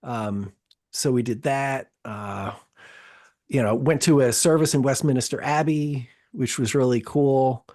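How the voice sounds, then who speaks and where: Man, podcast host, casual chat, rambling, profane, halting restarts. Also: medium pitch, a little mellow. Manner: rambling, profane, self-interrupting storyteller.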